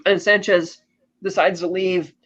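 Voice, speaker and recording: A man co-hosting a podcast, retelling a movie plot in a casual, animated way and jumping into quick voices for the characters. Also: high-pitched, muffled recording. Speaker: podcast co-host. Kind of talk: casual film recap.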